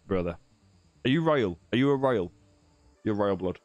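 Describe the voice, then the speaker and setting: A southern English gamer streams a fishing game live from home, teasing and chatting with viewers, often restarting and adding "mate" and "bro" to his lines. He sounds animated and a little mellow, with a fairly low voice at a moderate pace and slight background noise.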